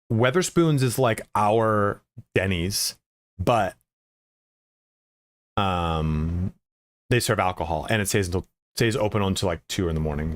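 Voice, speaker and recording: A man chatting casually and profanely with viewers as a game streamer, rambling with lots of filler words. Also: low voice.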